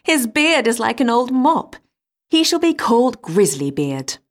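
Proud young princess as a woman reads her, scornful, lamenting, lively storybook voice. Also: fairly high pitch, a little slow, pitched above the performer's own voice. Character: proud, mocking young princess, later complaining.

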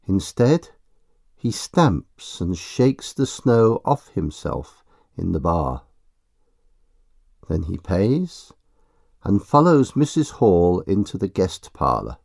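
A low, mellow male voice reading a storybook aloud at a leisurely pace. His pitch moves widely and expressively, and the sound is dry and close to the mic. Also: big pitch swings, slow, creaky, pauses often, no echo. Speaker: narrator. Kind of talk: storybook narration.

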